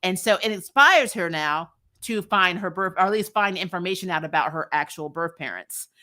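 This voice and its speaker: A woman's voice: fairly low pitch, expressive, normal speed, sharp tone. A woman giving a casual, snarky recap of a TV episode, acting out the characters' lines and laughing as she goes. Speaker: TV episode reviewer.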